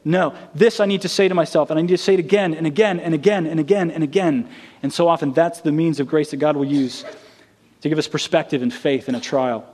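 A man's voice: on the high side, fast talker, darkish tone. A man preaching a sermon, telling a story earnestly and acting out the quoted lines.

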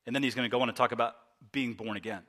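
A man's voice: mid-range voice, steady tone, rapid-fire, a bit bright. A male pastor preaching an earnest, emphatic sermon, repeating his key points.

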